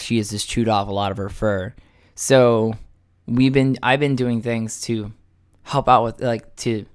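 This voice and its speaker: A man rambles through a casual vlog monologue at an everyday mid pitch. He swears freely and keeps restarting, stacking filler words as he goes. He makes fun of himself as he talks. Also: clean tone. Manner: self-mocking, laughs at his own story. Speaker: vlogger.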